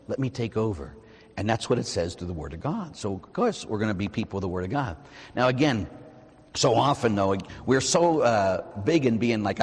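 Husky-voiced priest preaching in a reverberant church. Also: male voice, mid-range voice. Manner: animated preaching, soft prayerful asides and acted-out quotes. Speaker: Catholic priest. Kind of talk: sermon.

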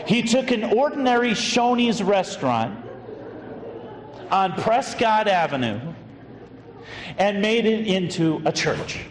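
A man's voice: sits high, expressive, slow, pauses often. A man preaching as a pastor, telling an anecdote in a conversational way with fillers. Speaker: associate pastor. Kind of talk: sermon storytelling. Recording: echoey hall with long reverb and faint noise.

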